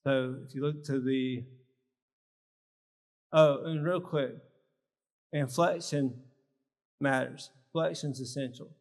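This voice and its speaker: A man giving a live workshop talk at a health symposium, teaching with short, emphatic phrases. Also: mid-range voice. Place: large church hall. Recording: long reverb of a large hall.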